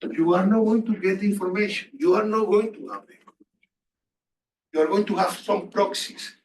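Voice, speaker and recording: A man's voice: sits high, moderate pace. A man lecturing a class, asking the students questions and repeating key phrases. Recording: echoey distant room recording.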